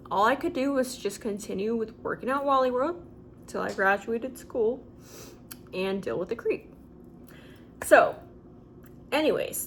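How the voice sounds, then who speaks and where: A woman's voice: fairly high pitch, a little hiss or hum, rough recording. A young adult woman chatting casually as she tells a story-time vlog, with lots of fillers. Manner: chatty and animated, with many fillers. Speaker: vlogger.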